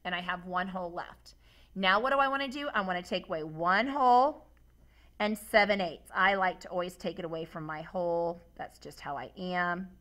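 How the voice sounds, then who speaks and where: A woman's voice: on the low side, normal speed, a bit bright. A woman teacher walking students through a math demonstration, upbeat and asking them questions as she goes. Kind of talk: classroom demonstration lesson.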